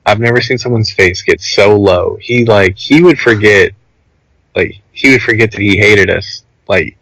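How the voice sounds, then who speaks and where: A young man co-hosting a podcast, rambling through stories in a loose, animated chat full of "like". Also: fairly low pitch, measured pace, no room sound, low-quality recording. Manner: rambling, animated storytelling with lots of "like". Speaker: podcast co-host. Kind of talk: casual chat.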